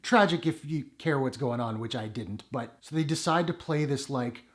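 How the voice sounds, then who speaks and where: A man's voice: mid-range voice, lively intonation, moderate pace. Wry man reviewing a movie. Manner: wry, sarcastic asides. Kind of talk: casual spoken review to camera.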